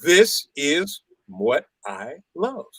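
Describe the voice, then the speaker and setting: A man with a slightly high voice, a radio DJ spinning casual stories as a guest. He is animated and slips into mimicking voices as he goes. The sound is dry and close. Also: very slow, breathy edge, no room sound, low-quality recording. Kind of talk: casual storytelling chat.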